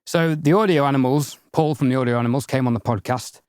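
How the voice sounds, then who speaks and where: Measured male podcast co-host. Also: medium pitch, a little mellow, clear, resonant tone, dry recording, clean studio sound. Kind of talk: casual podcast chat.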